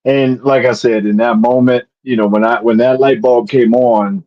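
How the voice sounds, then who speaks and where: A man's voice: mid-range voice, steady tone, normal speed, muffled recording. A married man co-hosting a podcast, thinking aloud with frequent restarts in casual chat. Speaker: podcast co-host.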